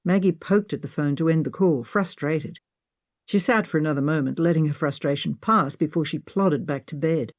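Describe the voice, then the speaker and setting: A woman with a low-pitched voice narrates an adventure audiobook in a measured storytelling style. It is scripted narration recorded at studio quality with no room sound.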